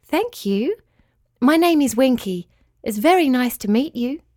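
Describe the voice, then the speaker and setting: A woman voicing a gentle, wistful little female spider in a sweet, eager, high voice. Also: animated, unhurried, no room sound, clean studio sound. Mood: shy, polite.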